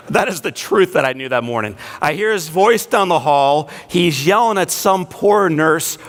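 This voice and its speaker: A man delivering an inspirational speech to a large breakfast crowd in a banquet hall, telling a personal story with playful asides and hushed, emotional moments. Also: fairly high pitch, expressive, unhurried. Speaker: inspirational speaker.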